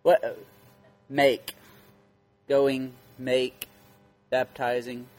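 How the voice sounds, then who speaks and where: A man's voice: mid-range voice, flat delivery, drawn-out words, a little mellow. A man preaching as a pastor, teaching scripture emphatically, repeating key words and quizzing his listeners. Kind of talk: interactive Bible teaching.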